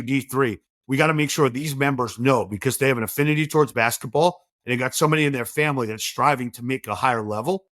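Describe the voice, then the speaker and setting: A middle-aged man, a podcast guest, talking in a lively conversational way and acting out quoted dialogue from his own stories. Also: mid-range voice, dry recording, studio quality. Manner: animated storyteller, acts out quoted dialogue.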